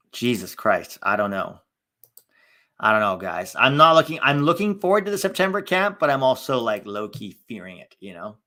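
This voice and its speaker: A man's voice: mid-range voice, big pitch swings, normal speed, pushed and bright. A young man hosting a live soccer watch-along, chatting casually with sarcastic rants and swearing. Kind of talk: casual live-stream chat.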